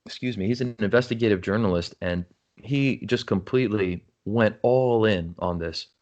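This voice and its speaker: This podcast guest has a fairly low, slightly mellow voice and a moderate pace, and the audio sounds dull. He recounts his story earnestly and openly, often restarting and dropping in "you know" and "right?"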